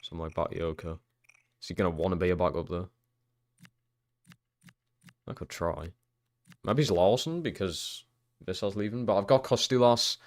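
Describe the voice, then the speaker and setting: A young man with a low, deep voice commentates his own football game on a live stream. He chats loosely and swears often, then bursts into loud, excited shouts when something big happens on the pitch. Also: moderate pace, long pauses.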